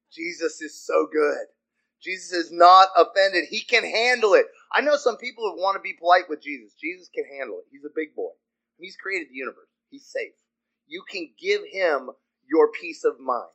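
A man preaching a sermon, chatty and animated, asking his listeners questions and moving between loud dramatic reading and soft asides. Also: high-pitched, normal speed, low-quality recording. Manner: animated, conversational, asks the congregation questions.

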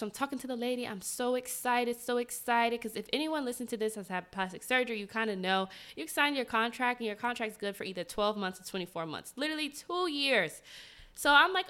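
A woman hosting a podcast, casually telling a personal story in an animated, dramatic way and speaking directly to her listeners. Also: on the high side, fairly quick. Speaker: podcast host.

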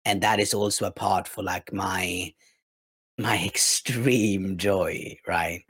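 A man's voice: sits low, steady tone, slow, fairly bright tone, breathy edge, dry recording, studio quality. A man from Sweden who is a guest on a casual podcast, speaking candidly and matter-of-factly. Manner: candid, frank, matter-of-fact. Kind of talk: casual interview chat.

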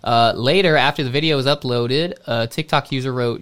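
A relaxed man co-hosting a casual podcast chat. He reads a news story out loud, stumbling over fillers and breaking into laughter and asides. His voice sits at a middling pitch. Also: brisk, hardly any pauses. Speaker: podcast co-host.

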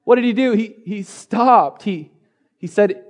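A man preaching a sermon on a church stage, playful and energetic, joking and repeating key phrases. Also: high-pitched, a little slow. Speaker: pastor.

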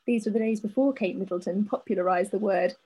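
Husky woman reading a letter. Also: mid-range voice, fast, warm tone, low-quality recording. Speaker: podcast co-host. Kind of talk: casual chat, reading a listener letter.

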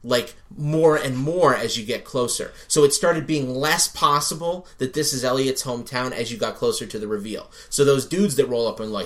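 A man co-hosting a podcast, chatting casually and excitedly, swearing freely and acting out his own reactions. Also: medium pitch, moderate pace, few pauses. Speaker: podcast co-host. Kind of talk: casual chat reviewing a TV show.

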